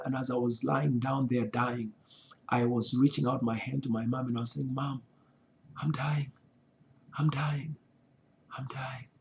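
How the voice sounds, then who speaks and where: A man in his thirties, a pastor, tells his own story in an earnest, reflective way. His voice has a gravelly, fry-edged texture and sits at an ordinary middle pitch. Faint background noise sits behind him. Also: darkish tone. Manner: earnest, reflective, with a loose, conversational flow. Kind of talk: personal testimony storytelling.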